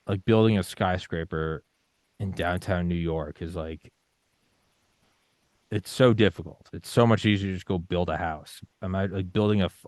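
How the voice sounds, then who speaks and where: Deep-voiced young man, intense and profane. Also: no room sound. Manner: intense, swearing, acts out his own panicked inner voice. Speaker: podcast guest. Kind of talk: casual interview talk.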